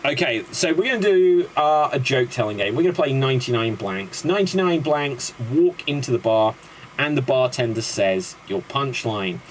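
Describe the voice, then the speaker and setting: A man's voice: mid-range voice, lively intonation, moderate pace, slight background noise, rough recording. A man hosting a live improv comedy show, chatty and upbeat as he introduces the games. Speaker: host.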